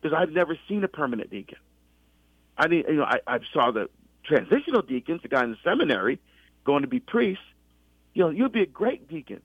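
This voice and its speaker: A middle-aged deacon from the US East Coast in a conversational faith talk, telling his story with many restarts and animated quoted exchanges. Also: a little high, brisk, pauses often, husky, dry recording. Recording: dull lo-fi sound.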